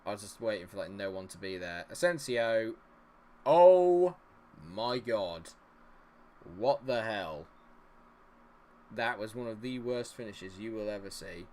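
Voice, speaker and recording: A man's voice: lowish voice, unhurried, slight background noise. A man streaming his own game, commentating live, exasperated, swearing and talking at the players on screen.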